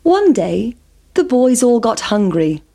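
A woman reading a children's story aloud in a slow, clear storybook delivery. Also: fairly high pitch, sing-song, dark tone.

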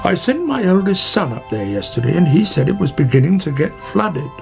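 A chatty, friendly otter from a storybook, voiced by a man, conversational with a slightly gravelly edge. Soft music runs underneath. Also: fairly high pitch, big pitch swings, a little fast, pitched above the performer's own voice.

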